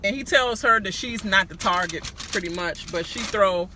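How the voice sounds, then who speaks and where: A woman giving a casual, blunt recap of a reality show, animated and full of profanity. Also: mid-range voice, normal speed, background noise.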